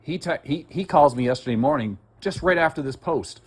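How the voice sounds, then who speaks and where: A man's voice: a little high, animated, a little fast, husky. An agitated man ranting in heated, profane, rambling conversation as he makes a complaint. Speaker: complaining citizen.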